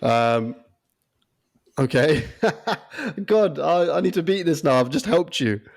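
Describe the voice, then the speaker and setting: A man co-hosting a podcast in casual chat, animated and laughing often. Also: on the high side, creaky. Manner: animated, laughs often, does quick impressions. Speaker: podcast co-host.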